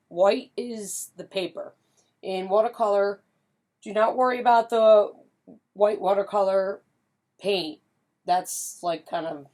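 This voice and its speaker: A woman's voice: medium pitch, a little mellow. A woman chatting her way through a casual watercolor painting demonstration, upbeat and full of fillers, humming little tunes as she works. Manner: chatty and upbeat, with frequent fillers and hummed doo-doo sounds. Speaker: pet portrait artist and painting instructor.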